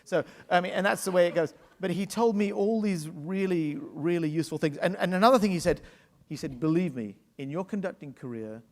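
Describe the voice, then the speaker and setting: Before an audience at a public library salon, a man who conducts orchestras shares anecdotes in a live interview, frequently laughing. He speaks briskly with a high, darkish voice, and the hall lends a long reverb.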